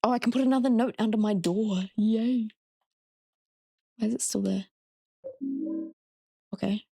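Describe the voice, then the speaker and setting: A woman's voice: on the high side, steady tone, measured pace, creaky, dark tone, no room sound, clean studio sound, faint music behind. A young Australian woman casually chatting with her chat while she plays a horror game, swearing freely. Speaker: streamer. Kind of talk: casual gameplay commentary.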